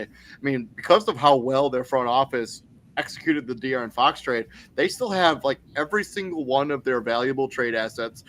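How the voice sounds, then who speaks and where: A man co-hosting a sports podcast, laying out trade scenarios in a steady, explaining way, often saying "I mean". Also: medium pitch, poor audio. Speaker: podcast co-host. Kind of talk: casual sports talk.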